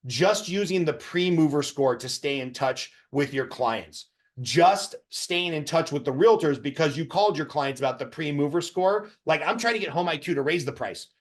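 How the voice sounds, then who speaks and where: A man's voice: fairly high pitch, lively intonation, normal speed. Rambling, blunt man hosting a call. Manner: rambling, blunt, self-promoting. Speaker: mortgage lender hosting a training call. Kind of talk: casual training talk on a video call.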